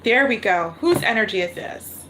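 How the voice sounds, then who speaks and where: A woman's voice: medium pitch, expressive, normal speed, noisy background. A woman reading tarot cards on a livestream, thinking aloud and repeating her questions to spirit. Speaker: tarot reader. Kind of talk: live-streamed tarot reading.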